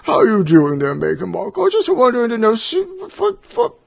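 A woman's voice: a little high, wildly swooping pitch, a little fast, creaky, a little mellow, no room sound, voice pushed up, full character voice. A woman playing a flustered older royal lady who stammers in broken grammar.

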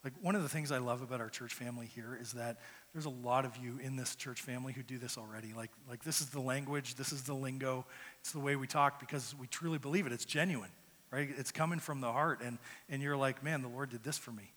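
Man, pastor, sermon, earnest, conversational, mid-pitched voice, echoing church hall. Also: fairly even intonation, fast talker, fairly bright tone. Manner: earnest, repeats words when starting phrases. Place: church sanctuary. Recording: long hall reverb.

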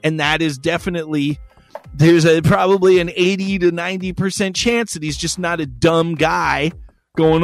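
A man's voice: fairly high pitch, fairly even intonation, moderate pace. A man with a slightly raised voice spins a long, swear-filled story for his podcast. He rambles and backtracks but stays wry, and faint music sits under his talk. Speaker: podcast host. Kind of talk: casual storytelling chat.

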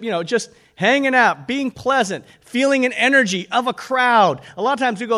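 A man's voice: extremely high pitch, expressive, moderate pace, hardly any pauses, pushed and bright. A man preaching a conversational sermon as pastor, asking his listeners rhetorical questions.

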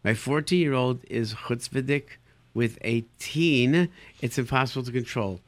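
A man, a therapist, giving parenting advice in a lively advice talk, acting out incredulous reactions and using Yiddish words. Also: moderate pace, no echo. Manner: animated, acts out incredulous reactions with sudden jumps in pitch. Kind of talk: advice talk answering listener questions.

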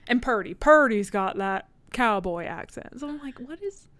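A woman's voice: mid-range voice, animated, normal speed, fairly bright tone, no room sound. A woman co-hosting a podcast, chatting animatedly about a book with swearing and playful asides. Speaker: podcast co-host. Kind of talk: casual book discussion.

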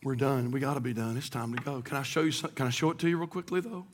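A male pastor preaching a sermon, moving from hushed, emotional storytelling to loud, shouted proclamation. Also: medium pitch, steady tone, quick pace, background noise.

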